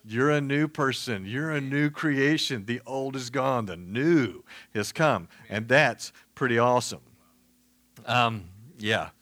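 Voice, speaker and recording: A man preaching in a relaxed, conversational way, with a lilt and a medium-pitched voice. He jokes, stacks up fillers and wanders into asides. The sound is dry and close, with little room echo. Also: slow pace. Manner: chatty, joking, many fillers and asides. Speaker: pastor. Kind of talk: casual sermon.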